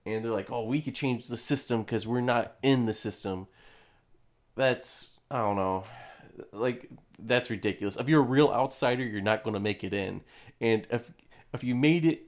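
A young man co-hosting a podcast, talking loosely and laughing as he goes. His voice is mid-pitched and ordinary, and he restarts sentences often. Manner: rambling, laughing, many restarts. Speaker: podcast co-host. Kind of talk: casual chat.

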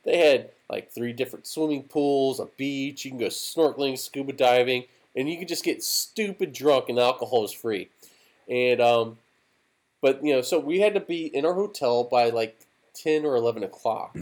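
A young man co-hosting a podcast, telling stories in a relaxed way, chuckling and filling with likes and you knows. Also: mid-range voice, moderate pace. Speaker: podcast co-host. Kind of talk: casual chat.

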